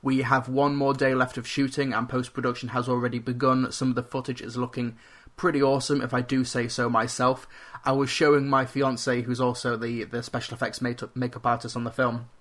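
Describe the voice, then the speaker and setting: A man's voice: mid-range voice, flat delivery, brisk, a bit bright. A man hosting his own podcast, talking earnestly and catching and correcting himself as he tries to avoid filler words. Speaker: podcast host. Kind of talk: solo podcast talk. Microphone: home computer microphone.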